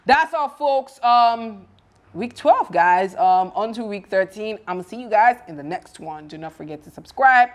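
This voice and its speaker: A young woman, casually chatting and recapping a TV series in an animated, exclaiming way. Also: mid-range voice, measured pace. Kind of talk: casual chat.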